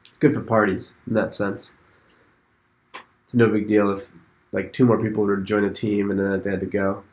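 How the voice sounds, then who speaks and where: A man's voice: lowish voice, flat delivery, normal speed, darkish tone. A man hosting a casual online game session, thinking aloud and hesitating over his moves. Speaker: host. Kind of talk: casual commentary while playing an online game.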